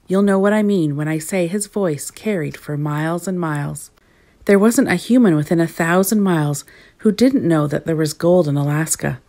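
Woman reading a children's story. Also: fairly low pitch. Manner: expressive, storybook cadence.

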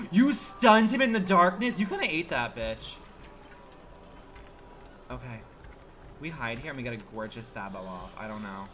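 Guy streaming a game live, super animated voice jumping all over, loud reactions and swearing, kinda noisy mic. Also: mid-range voice, normal speed, pauses often. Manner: dramatic, exclamatory, profane, chatty with viewers. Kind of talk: casual live gaming commentary.

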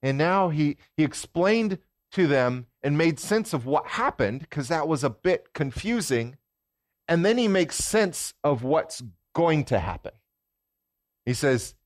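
A man giving a sermon as guest preacher in a church, talking in a relaxed, conversational way and putting questions to the congregation. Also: on the high side, dry recording, clean studio sound.

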